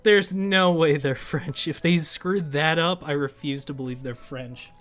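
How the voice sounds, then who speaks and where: Slow bright-voiced young man reading. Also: fairly high pitch, faint music behind. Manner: slow, laughing dramatic reading. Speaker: co-host reading fanfiction. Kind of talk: casual comedic reading commentary.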